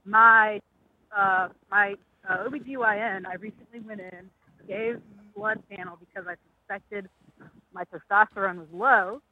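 A woman's voice: mid-range voice, fairly even intonation, measured pace. A woman in her thirties calling in to ask a question, speaking hesitantly with many fillers. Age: 30s. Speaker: caller. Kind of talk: call-in question. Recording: tinny phone line with faint hiss.

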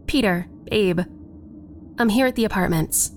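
A woman narrating a first-person horror story in a slow, measured storytelling voice. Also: on the low side, fairly even intonation, a little mellow, a little hiss or hum.

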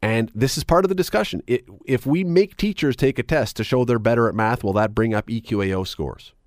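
A man's voice: medium pitch, a little fast, no echo, studio quality. A man hosting a radio talk show, chatting wryly and reading items aloud with sarcastic asides. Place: radio studio. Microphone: studio microphone.

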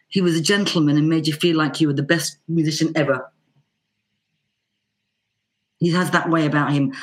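A middle-aged Irish woman, a banjo player, telling a casual anecdote in a lively way, acting out the voices she quotes. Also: low-pitched. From Ireland. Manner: lively, acts out quoted voices with lots of fillers. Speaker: banjo player and teacher guest.

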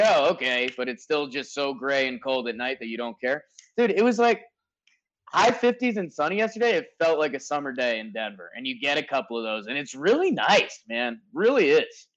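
Calling in remotely from his home in Denver, a man co-hosts a casual sports chat podcast, chatty and rambling and saying "dude" a lot. His medium-pitched, fairly bright voice is sing-song and a little fast, and the audio sounds dull.

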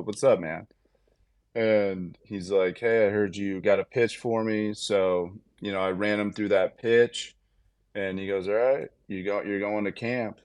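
A man in his thirties, a baseball player guesting on a podcast, has a clean, lowish voice, recorded with no room sound. His long, casual story is animated, with each person's words acted out and plenty of filler words.

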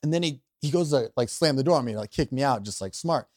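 A man's voice: medium pitch, lively intonation, fast talker, no room sound, clean studio sound. A man hosting a podcast and chatting casually, telling a story and acting out his drunk younger self. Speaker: podcast host, comedian.

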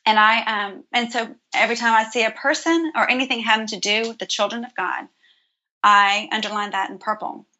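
Earnest woman, bright voice, dull sound. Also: on the high side, fairly even intonation, a little fast. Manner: earnest, heartfelt, storytelling with soft restarts. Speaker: podcast guest, creator of a Bible study method. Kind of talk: casual conversational interview.

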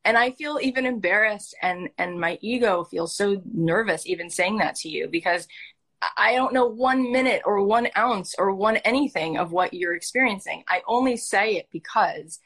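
This woman life coach speaks in a mid-range voice at a moderate pace while hosting a heartfelt coaching conversation. Earnest and emotional, she tells stories in an animated manner.

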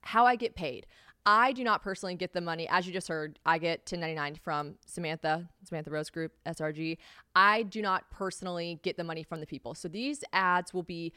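A woman's voice: fairly low pitch, a little fast, sharp tone, clean tone, no room sound, clean studio sound. A woman hosting her own podcast, chatting candidly and cursing freely as she tells stories about her work. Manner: candid, profane, chatty storytelling. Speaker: podcast host. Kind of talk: casual solo podcast chat.

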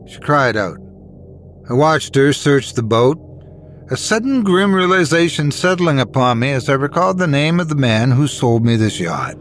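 A man narrating a first-person horror story in a measured, dramatic reading. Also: a little high.

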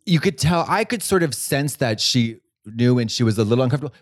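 A man co-hosting a podcast, talking in a loose, rambling way full of restarts, fillers and swearing. His voice sits at an ordinary pitch and sounds dry and close, with no room around it. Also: expressive, fast, dry recording. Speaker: podcast co-host. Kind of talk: casual chat.

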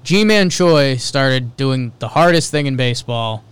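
A man co-hosting a baseball podcast in casual sports talk, excitable and jumping up in pitch to stress a point. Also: unhurried, clean tone, no echo. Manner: excitable, jumps into high pitch for emphasis.

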